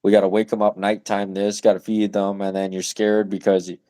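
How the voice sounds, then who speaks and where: A man's voice: on the low side, flat delivery, fairly quick, warm tone, clear, resonant tone, no room sound. A young man in his twenties, a new father of twins, chatting loosely on a podcast with lots of fillers and the odd curse. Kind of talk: casual chat.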